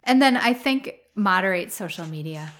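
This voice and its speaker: A woman's voice: mid-range voice, lively intonation, normal speed, a bit bright. A woman flower farmer talking through her thoughts in a casual interview, rambling with many fillers.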